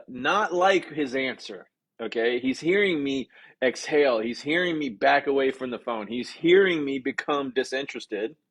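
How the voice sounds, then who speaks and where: A man teaching sales negotiation on a live stream in an energetic, casual way, often checking in with "okay?" and reading viewer comments aloud. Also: medium pitch. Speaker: sales coach.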